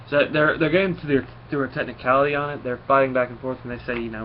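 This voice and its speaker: A man rambles through a comic book recap, pausing often and restarting his sentences. His voice sits at a middle pitch. The recording is dull and lo-fi, with a faint hiss behind it. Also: steady tone. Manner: rambling, full of fillers and restarts.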